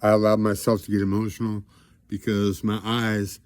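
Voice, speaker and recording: A man with a low, monotone voice talks straight to the camera in a long, rambling monologue. His delivery swings between loud declarations and low mumbling. The sound is dry and close. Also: normal speed, no room sound. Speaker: vlogger addressing a celebrity.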